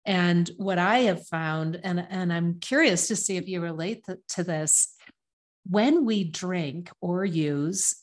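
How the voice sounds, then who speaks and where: A woman's voice: lowish voice, slow. A woman guest on a podcast, talking earnestly and emphatically in casual chat, stacking up punchy repeated phrases. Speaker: podcast guest, sobriety coach.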